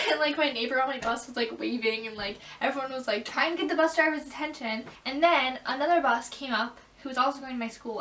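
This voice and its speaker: Teen girl rambling thru embarrassing stories, high voice, lots of "like", roomy echo, a bit far from the mic. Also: pushed and bright. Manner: chatty, full of "like", breaks into laughs. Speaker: vlogger. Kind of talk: casual storytelling to camera. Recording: echoey room, mic at a distance.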